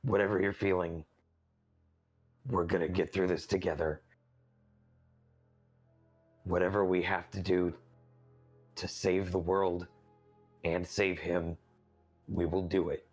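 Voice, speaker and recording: A man voicing a young male adventurer who earnestly reassures a friend, in a soft voice. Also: low-pitched, level tone, slow, long pauses, faint music behind.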